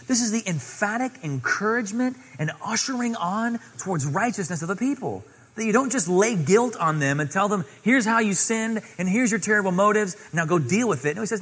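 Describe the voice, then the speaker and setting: A man's voice: high-pitched, animated, brisk, few pauses, fairly bright tone, slightly rough, big-room sound. A man preaching a sermon, reading scripture aloud and exhorting earnestly. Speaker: pastor.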